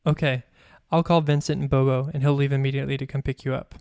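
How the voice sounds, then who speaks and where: A man's voice: medium pitch, little pitch movement, quick pace, a little mellow, smooth, no room sound, studio quality, lightly acted. A man reading the lines of a businesslike female doctor who answers an emergency phone line. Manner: businesslike, matter-of-fact.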